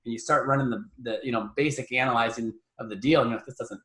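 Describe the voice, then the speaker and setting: A man's voice: medium pitch, fairly even intonation, quick pace, fairly bright tone. Man talking through stutters, echoey room. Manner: conversational, repeats words while thinking. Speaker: guest, real estate investor. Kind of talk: podcast interview.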